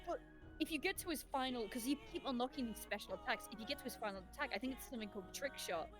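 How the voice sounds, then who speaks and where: A woman's voice: high-pitched, very fast, music in the background. A woman telling long, rambling stories in casual chat, laughing often.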